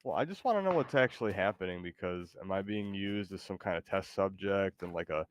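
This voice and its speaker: A man's voice: sits low, expressive, brisk, hardly any pauses, smooth. A man chatting casually and playfully while streaming a game. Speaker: Twitch streamer. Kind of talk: casual gaming stream chat.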